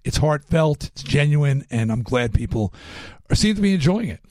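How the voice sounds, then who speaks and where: A man in a relaxed interview, spinning stories with plenty of energy and slipping into other people's voices as he goes. His voice sits a little on the higher side for a man, and the sound is dry and close with no room around it. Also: moderate pace, no room sound. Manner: animated storyteller acting out quotes. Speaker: guest musician. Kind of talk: casual interview storytelling.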